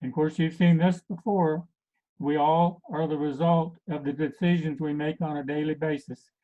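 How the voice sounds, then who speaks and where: Male health coach, casual group talk, fillers, pitched a bit high, phone-like audio. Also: steady tone, warm tone. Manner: halting, many fillers. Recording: tinny phone-like recording.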